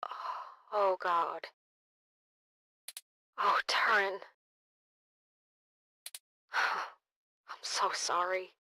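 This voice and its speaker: A woman's voice: on the low side, fairly even intonation, drawn-out words, long pauses, no room sound, heavily acted. An actress voicing a seasoned female hacker with a Southern accent, talking in a drawling, folksy way. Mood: grieving. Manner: drawling, folksy turns of phrase. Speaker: game character, veteran hacker. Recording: game voice line over loud music.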